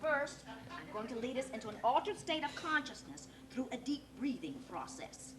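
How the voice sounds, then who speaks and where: A woman playing an earnest young woman who leads a séance on stage, soft and soothing. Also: high voice, big pitch swings, moderate pace. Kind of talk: stage play acting. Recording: noisy live stage recording.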